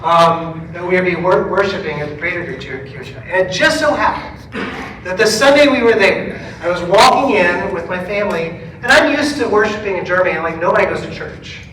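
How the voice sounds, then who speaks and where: A man, a pastor, telling stories in a casual talk to a church forum, acting out the dialogue with lively quoted voices. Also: high voice, fairly quick, slight background noise. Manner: chatty storytelling, animated quoted dialogue. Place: church meeting room. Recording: echoey room, mic at a distance.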